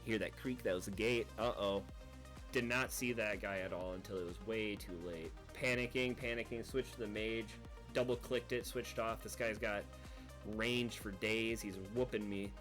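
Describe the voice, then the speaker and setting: A man giving casual, rambling commentary over his own gameplay video, laughing at his own panic and acting out quick asides. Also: lowish voice, steady tone, a bit bright, soft background music. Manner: rambling, self-deprecating, recounts panic with quoted asides. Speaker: gaming video creator.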